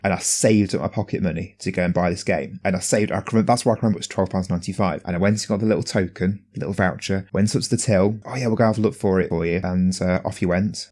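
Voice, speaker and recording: Fast-talking man telling a story. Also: deep voice, a little mellow. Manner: earnest, rambling anecdotes. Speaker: podcast co-host. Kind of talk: casual storytelling.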